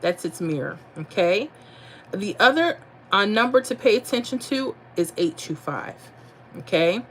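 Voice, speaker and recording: Woman livestream host, conversational and thinking aloud, mid-pitched, faint noise behind. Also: animated, unhurried, a bit bright. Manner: chatty, reads viewer comments, thinks aloud over numbers. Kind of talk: casual livestream chat.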